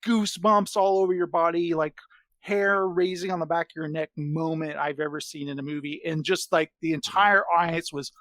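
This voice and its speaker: A man's voice: fairly high pitch, normal speed, no echo. A man hosting a podcast, chatting casually and telling stories with enthusiasm. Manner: enthusiastic, animated storytelling. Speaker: podcast host. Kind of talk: casual chat.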